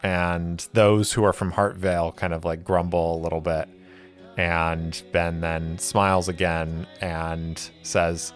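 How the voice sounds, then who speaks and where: A man narrating a solo tabletop role-play as game master, in a measured, deliberate storytelling manner. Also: deep voice, steady tone. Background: faint music.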